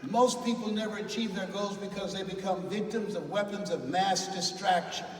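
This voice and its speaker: A man's voice: high voice, normal speed. A man giving a motivational speech to a live audience, telling stories and leading the crowd in repeating phrases. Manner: storytelling, animated, leads the crowd in repeated phrases. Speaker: motivational speaker. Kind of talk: motivational speech with call-and-response. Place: large hall with an audience. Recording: echoey hall from far off, faint noise.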